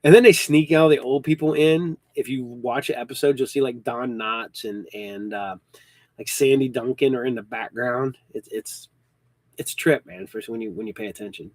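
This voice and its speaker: In a casual podcast chat, a man in his early fifties with a mid-range voice at normal speed rambles on, full of ums and false starts, hiccuping from time to time. The recording has no echo.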